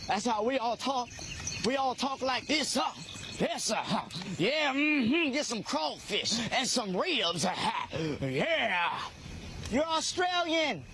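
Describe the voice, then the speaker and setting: A man putting on a slow, gravelly, high, over-the-top drawl from a noisy film clip. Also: very animated, bright, forceful tone. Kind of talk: film clip, exaggerated Southern put-on.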